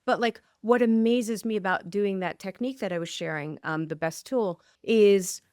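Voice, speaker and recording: A woman's voice: mid-range voice, normal speed, darkish tone, clear, resonant tone, no room sound, clean studio sound. A woman author and coach, a podcast guest, talking emphatically and restarting sentences eagerly. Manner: emphatic, affirms often with repeated yeses. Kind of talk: interview conversation.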